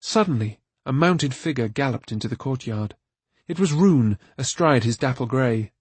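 A man narrating a fantasy novel aloud in a steady, even storytelling manner. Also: mid-range voice, moderate pace, breathy edge, dry recording. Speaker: audiobook narrator. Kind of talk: scripted narration.

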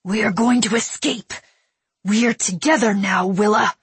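A woman reads as a domineering male captor who snarls his words, ragged with fear and desperation, pushed a little higher and louder than her narration. The voice is husky and dry, with no room around it. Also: steady tone, a little slow, no echo, exaggerated voice. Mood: desperate.

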